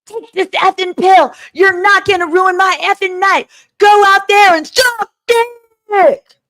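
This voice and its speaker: A woman's voice: extremely high pitch, no echo, voice pushed up, exaggerated voice. A woman mocking a bossy barking man. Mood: demanding. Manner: shouted, drawn-out mocking impression.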